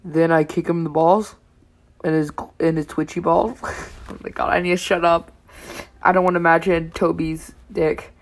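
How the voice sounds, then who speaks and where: A woman's voice: fairly low pitch, steady tone, normal speed, slight background noise. A young woman reading fan fiction aloud with blunt, swear-heavy running commentary. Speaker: reaction channel host.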